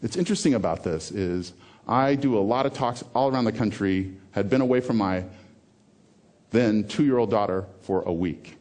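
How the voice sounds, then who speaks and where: A man giving a motivational talk on stage, emphatic, repeating key phrases and swinging between loud lines and hushed ones. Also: lowish voice, moderate pace. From American South. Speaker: motivational speaker. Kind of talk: TEDx keynote talk.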